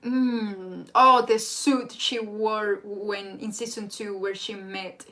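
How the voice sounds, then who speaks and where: A young woman, a native Spanish speaker, hosting a casual live chat in an excitable, rambling way. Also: medium pitch, takes it slowly. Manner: excitable and rambling, with frequent restarts. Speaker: livestream host. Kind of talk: casual live chat reading viewer comments.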